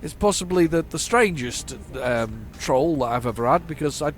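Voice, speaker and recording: A middle-aged man from northern England with a flat northern accent, chatting casually while playing a driving game, rambling and restarting his sentences. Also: fairly high pitch, unhurried, few pauses. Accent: flat northern English. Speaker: gaming channel host. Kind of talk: casual let's-play commentary.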